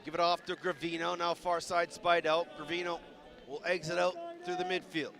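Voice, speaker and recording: A man calling a lacrosse game live, rattling off names quickly and shouting on goals and saves. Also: a little high, level tone, creaky. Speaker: play-by-play commentator. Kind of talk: live sports commentary. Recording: loud stadium crowd behind.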